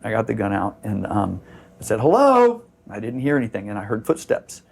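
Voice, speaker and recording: A middle-aged surf shop owner from Florida, USA, tells a long story in a casual podcast interview, his lowish voice fairly quick, creaky, and slightly rough. He rambles with lots of "you know" fillers and acts out the voices of people he quotes.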